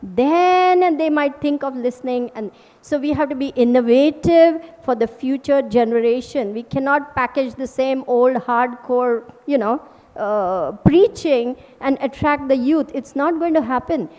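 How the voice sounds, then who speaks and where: A woman's voice: high voice, unhurried, darkish tone, long reverb tail. A woman teacher giving a scripture class, emphatic and forthright, with rhetorical asides.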